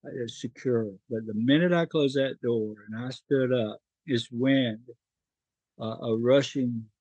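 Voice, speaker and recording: A man's voice: medium pitch, unhurried, darkish tone, husky, no room sound, highs cut off. Earnest man telling his story. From North Carolina. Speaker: podcast guest.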